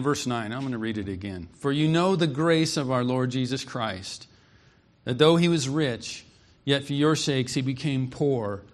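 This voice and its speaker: A man preaching an expository sermon, earnest and emphatic, reading scripture aloud and explaining it. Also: mid-range voice.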